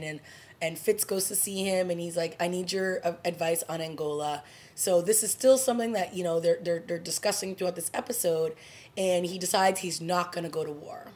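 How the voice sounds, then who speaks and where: A woman casually recapping a TV drama episode for her vlog, animated, laughing often and throwing in dramatic asides. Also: mid-range voice. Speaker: TV review vlogger.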